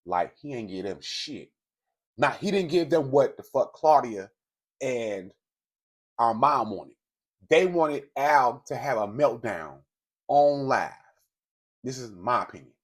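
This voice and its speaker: A man's voice: mid-range voice, expressive, slow pace, long pauses, husky. A man telling a gossip story straight to his viewers, in a casual, blunt and profane way. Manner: speaks directly to viewers. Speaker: commentary host. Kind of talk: casual celebrity gossip commentary.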